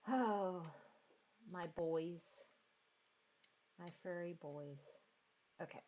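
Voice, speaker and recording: A woman's voice: sits low, measured pace, long pauses, darkish tone. A woman streaming a video game in casual chat, rambling about decorating and cooing to her dogs. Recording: dull lo-fi stream audio with game music.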